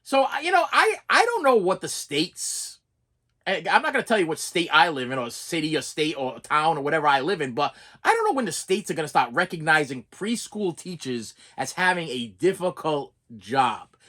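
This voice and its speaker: Middle-aged preschool teacher, storytime rant, lively swooping pitch, trips over words. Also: normal speed. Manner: exasperated, repeats words and restarts often.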